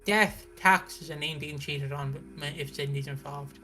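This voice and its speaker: Animated British man recapping a soap. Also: a little high, unhurried, soft background music. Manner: animated storytelling, acts out characters' lines, frequent restarts. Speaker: soap opera recap streamer. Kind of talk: casual spoken recap.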